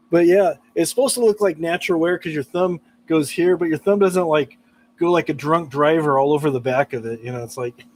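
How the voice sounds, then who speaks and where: A man's voice: fairly high pitch, normal speed, rough recording. A man chatting casually on a live stream about guitar repair, laughing often and reading out chat messages.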